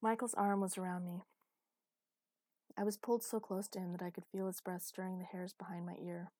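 A woman narrating a first-person romance audiobook with steady, intimate storytelling. Her voice is low-pitched and mellow rather than bright. The recording is close and dry, with no room sound. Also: a little fast, no echo.

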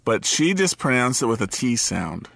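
A man's voice: medium pitch, big pitch swings, normal speed, vocal fry, a bit bright, no room sound. A man co-hosting a podcast, bantering with dry, wry humor in casual chat. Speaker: podcast co-host.

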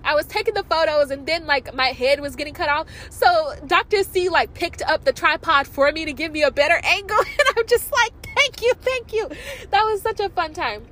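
A young woman with a high voice tells stories for her vlog. She is chatty and excitable and leans on lots of fillers. Faint noise sits behind her voice. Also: fairly quick, hardly any pauses, rough recording. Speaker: vlogger. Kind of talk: casual vlog storytelling.

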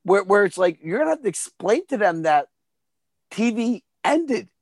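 A man in his forties co-hosting a podcast, telling stories in a profane, animated way during a casual chat about a movie. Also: high-pitched, normal speed, no room sound. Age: 40s. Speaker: podcast co-host.

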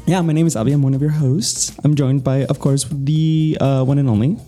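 Man, 20s, podcast co-host, casual banter, teasing, mellow voice. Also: mid-range voice, brisk, faint music behind. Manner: playful, teasing, animated.

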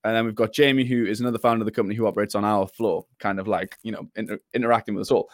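A man's voice: fairly low pitch, fairly even intonation, rapid-fire, no echo, clean studio sound. A young man, chatting casually on a podcast, rambling and laughing often as he tells stories. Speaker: podcast co-host. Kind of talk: casual chat.

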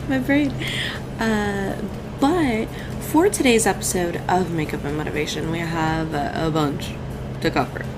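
A woman's voice: on the low side, unhurried, rough recording. A woman hosting a casual podcast with a groggy just-woken-up voice, rambling and laughing often, with music playing behind her. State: groggy morning voice. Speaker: podcast host. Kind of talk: casual chat.

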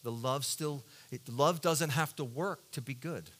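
A man preaching a sermon as a pastor, telling a personal story in an earnest, confessional way and swinging between loud emphatic bursts and soft low passages. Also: unhurried.

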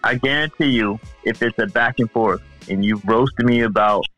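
A man's voice: medium pitch, normal speed, a bit bright, faint music behind. A man arguing his point emphatically in a casual podcast chat. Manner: emphatic, argumentative. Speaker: podcast guest.

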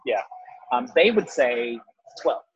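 A man with a very husky voice jokes in a dry, deadpan way. He is on a video call with dull, muffled sound. There is no room echo at all. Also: medium pitch, takes it slowly. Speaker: guest speaker. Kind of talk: casual video call chat.

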